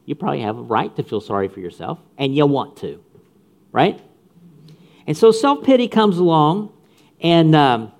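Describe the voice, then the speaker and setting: A man's voice: fairly high pitch, creaky, warm tone. A man preaching a sermon with punchy humor and repeated phrases for emphasis. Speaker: pastor.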